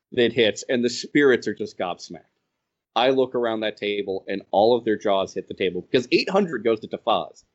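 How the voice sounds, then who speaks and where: A man telling stories from running his game in a casual podcast chat, animated and laughing as he goes. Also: fairly low pitch. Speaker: game designer and organizer. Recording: slightly dull, lo-fi audio.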